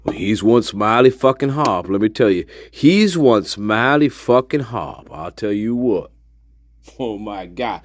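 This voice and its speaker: A man's voice: on the low side, animated, unhurried. A man playing a cursing, fed-up spirit guide. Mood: rambling. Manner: foul-mouthed stammering rant. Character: exasperated profane male spirit guide in the afterlife. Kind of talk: improvised comic monologue.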